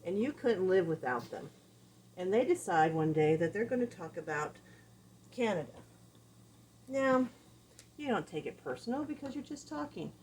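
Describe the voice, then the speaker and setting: A woman's voice: mid-range voice, very animated, normal speed, long pauses, darkish tone, slight background noise, rough recording. A woman dog trainer giving a casual, conversational lesson, explaining with everyday examples. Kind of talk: instructional talk.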